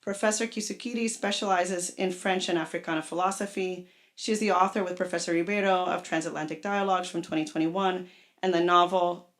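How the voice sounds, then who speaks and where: A woman, a native Spanish speaker, gives a formal introduction at an academic event, reading speaker bios with small self-corrections. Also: on the low side. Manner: self-deprecating, reads bios with small slips. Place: lecture hall.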